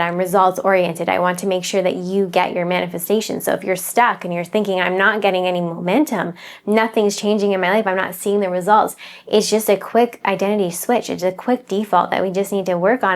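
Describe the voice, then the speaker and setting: A woman who coaches mindset, talking straight to her viewers in an earnest, encouraging way and repeating her key phrases. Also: medium pitch. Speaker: mindset coach and channel host. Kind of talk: motivational talk to camera.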